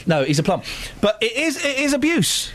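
A middle-aged man hosting a casual radio chat, teasing and joking, sometimes breaking into silly squeaky voices. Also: sing-song, moderate pace, a bit bright. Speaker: radio host. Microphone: studio microphone.

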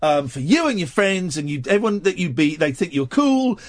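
A male radio host rambles through a playful comic story and throws in silly voices along the way. His voice sits high and swings up and down a lot. The studio mic sounds close and dry. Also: sing-song, a little fast, dry recording. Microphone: studio microphone.

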